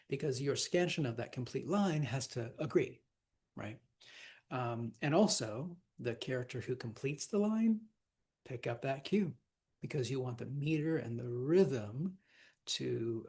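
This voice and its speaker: Slow, husky teacher lecturing on verse. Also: medium pitch, a little mellow. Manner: loose, chatty, with fillers and asides; counts out stresses in sing-song syllables.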